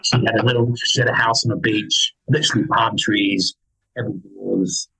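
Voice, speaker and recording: A young man speaking as a podcast guest, with a deep voice and a husky edge. He rambles, restarts sentences and laughs as he tells travel tales. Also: fairly even intonation, moderate pace, sharp tone, faint music behind, low-quality recording. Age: young adult. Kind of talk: casual chat.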